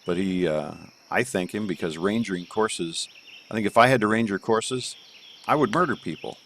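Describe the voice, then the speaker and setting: A man's voice: on the low side, normal speed, a bit bright, a little hiss or hum. A man streaming live, reviewing golf courses in a rambling, joking way from home and thinking aloud with plenty of fillers. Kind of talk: casual live game commentary.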